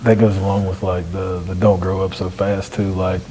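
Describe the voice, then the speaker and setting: A man with a fairly low voice, a laid-back guest in a faith conversation. He agrees readily and often, speaking over faint room ambience. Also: flat delivery, normal speed, dark tone, a little hiss or hum, poor audio. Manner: agreeable, laid-back, lots of short affirmations.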